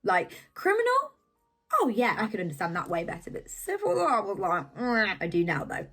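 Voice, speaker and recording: A young woman from England talks straight to her viewers about her journey, with a voice that leaps up and down in pitch. She tells it casually but with emphatic, preacher-like energy. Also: normal speed, soft background music. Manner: animated, emphatic, preacher-like storytelling. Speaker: vlogger sharing a faith testimony. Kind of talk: casual testimony vlog.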